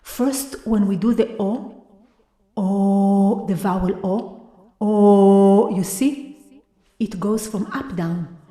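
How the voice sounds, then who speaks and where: A woman giving a live lecture-performance, moving between hushed whispers and loud, drawn-out vocal sounds she repeats for effect. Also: medium pitch. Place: university hall, live before an audience. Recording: echoey live room.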